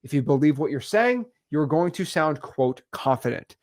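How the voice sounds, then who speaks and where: Guy coaching real estate deals, lively, acts out little phone calls, kinda high voice. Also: moderate pace. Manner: energetic, repeats words, acts out examples. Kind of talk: teaching talk on video.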